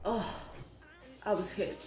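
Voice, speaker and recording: A woman hosts a reaction video, gushing and giggling through casual fan commentary with frequent laughter. Her voice is a little mellow and her pace slow, with a roomy echo and faint music behind her.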